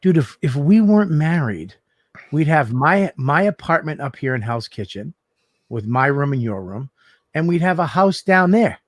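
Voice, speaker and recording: A podcast co-host tells profane stories with real animation in casual chat, slipping into mock voices. His pitch is fairly high and his speed normal, with no room sound.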